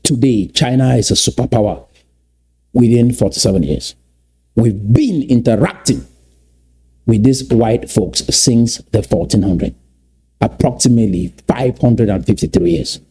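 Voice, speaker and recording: A man's voice: mid-range voice, a little slow, dark tone, breathy edge. A man from Cameroon giving lecture-style commentary, emphatic and repetitive, drawing out words to stress his points. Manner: emphatic, repeats key phrases, stretches words for stress.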